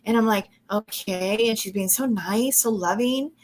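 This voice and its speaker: A woman giving a personal testimony on a talk show, animated and acting out her own reactions as she tells the story. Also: fairly high pitch, normal speed.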